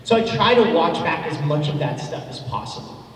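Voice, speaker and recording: A man's voice: fairly high pitch, very animated, moderate pace, fairly bright tone, a little hiss or hum. Chatty man in an echoey hall. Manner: chatty, rambling, many ums and restarts. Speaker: voice actor guest at a convention panel. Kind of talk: casual panel Q&A. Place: large convention hall. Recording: echoey hall audio from far off.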